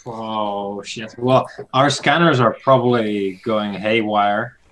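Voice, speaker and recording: Slow low-voiced guy at a game table, lots of ums. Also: a bit bright, a little hiss or hum, rough recording. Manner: hesitant, many fillers. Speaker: player. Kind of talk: casual tabletop game play.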